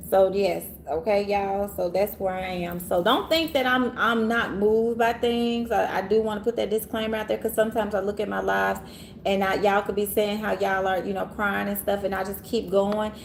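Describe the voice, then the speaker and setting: A woman reader hosting a casual livestream, animated and laughing often, talking straight to her viewers in a room in the city. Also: medium pitch, normal speed, vocal fry, slight background noise. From Orange Mound, Memphis area, USA. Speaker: tarot reader and livestream host. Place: city hotel room, sirens outside.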